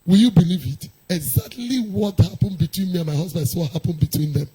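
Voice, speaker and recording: A middle-aged woman, a pastor's wife telling a personal story in a sermon, animated and laughing often. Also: fairly low pitch, fairly quick, breathy edge, low-quality recording.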